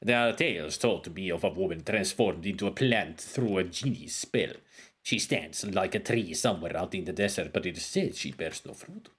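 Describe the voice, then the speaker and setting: A man's voice: sits low, animated, fairly bright tone, breathy edge, voice pushed down, exaggerated voice. A man putting on a ponderous desert wizard. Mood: earnest. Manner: slow, deliberate reading in a put-on foreign accent. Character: scholarly male desert wizard, earnest and ponderous.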